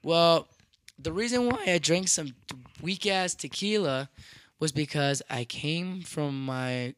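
Young guy on a podcast, kinda high voice, rambling and cursing a lot, tosses in spanish bits, super dry close mic. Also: slow pace, fairly bright tone, no echo. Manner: rambling, profane, with frequent restarts; slips into Spanish phrases. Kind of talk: casual storytelling.

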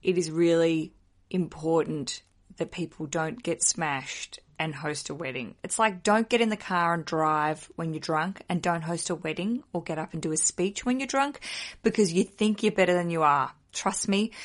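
A woman, co-hosting a podcast in a chatty, candid way that swears freely and gets higher when she is excited. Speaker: podcast co-host. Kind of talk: casual chat.

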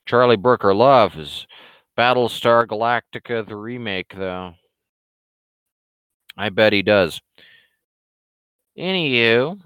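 A man's voice: fairly low pitch, animated, takes it slowly, pauses often, fairly bright tone, clean tone, dry recording. Sarcastic man with a scratchy throat. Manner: sarcastic, rambling, casual swearing. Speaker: cartoonist hosting a weekly live show. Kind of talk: casual livestream commentary.

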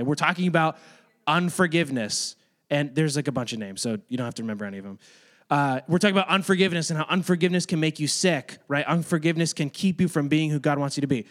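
Talking straight to a room of children, a youth or kids' ministry teacher gives a casual, chatty Bible lesson. His voice is a little high and he speaks quickly.

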